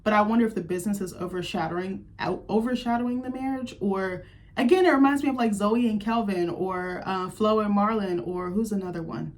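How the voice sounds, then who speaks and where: A woman's voice: medium pitch, brisk. A woman giving a candid, chatty recap of a TV episode in her vlog, sharing her opinions with plenty of fillers. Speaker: TV recap vlogger.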